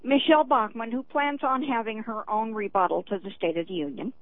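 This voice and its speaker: A woman's voice: a little high, brisk. A woman calling into a radio show, speaking emphatically with hesitant ums. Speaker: caller. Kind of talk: phone-in call. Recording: tinny phone line.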